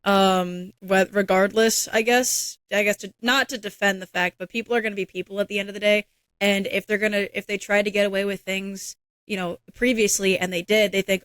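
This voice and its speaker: A woman co-hosting a podcast in casual chat, talking in a measured way with frequent "I mean" and "um.". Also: mid-range voice, flat delivery, a bit bright, smooth, no room sound. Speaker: podcast co-host.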